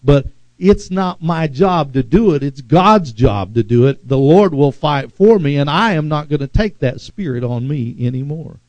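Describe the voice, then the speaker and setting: A male preacher delivering a sermon, emphatic and swelling to loud exhortation at times. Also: a little high, animated, moderate pace, no echo, dull audio.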